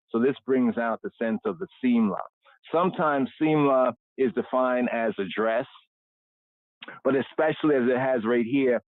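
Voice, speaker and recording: A man's voice: mid-range voice, no echo. Guy doing a bible study livestream, keeps saying right?, dry tinny phone-like sound. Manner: explains Hebrew words slowly, with constant "right?" checks. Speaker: Bible teacher.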